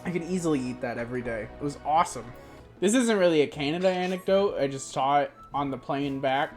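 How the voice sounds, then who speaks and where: A young woman streamer chatting casually in a rambling, animated way, swearing freely. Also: sits low, fast talker, faint music behind. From United States. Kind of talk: casual chat.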